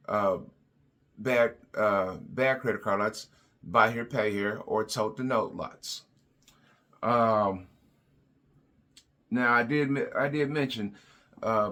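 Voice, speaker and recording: This car salesman's mid-range voice has a sharp edge as he gives buying advice vlog-style. His delivery is plain and repetitive, packed with filler words.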